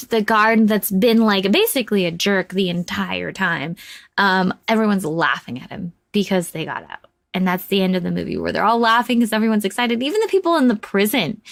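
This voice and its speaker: A woman talks through a movie review in a loose, rambling way, full of fillers. She gets animated as she retells scenes. Her voice sits at an ordinary middle pitch and sounds dry and close, with no room echo. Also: creaky. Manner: rambling and chatty, with many fillers. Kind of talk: casual spoken movie review.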